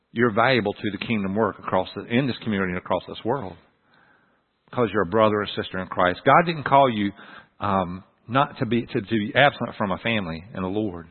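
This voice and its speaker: A male pastor, delivering a folksy, animated sermon with humor in a church. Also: mid-range voice. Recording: tinny phone-like sound.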